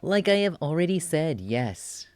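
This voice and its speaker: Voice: mid-range voice, sing-song, unhurried, a little mellow, no echo, voice pushed up. A streamer voicing a bratty, arrogant young male Death in a raised, cute voice, reading game dialogue aloud. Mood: haughty. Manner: haughty, snippy, boastful.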